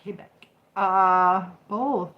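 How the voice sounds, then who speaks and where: An older woman from Michigan hosts a casual livestream, chatting and reading out viewer comments with plenty of ums. Her medium-pitched voice moves extremely slowly, and the audio sounds dull.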